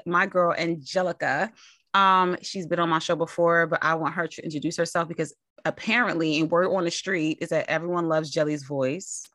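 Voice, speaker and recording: A young woman from New Jersey hosts a casual podcast in a low voice, talking in an animated, slangy way. The sound is close and dry, with no room around her. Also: moderate pace, dry recording. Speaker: podcast host. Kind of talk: casual podcast chat and ad read.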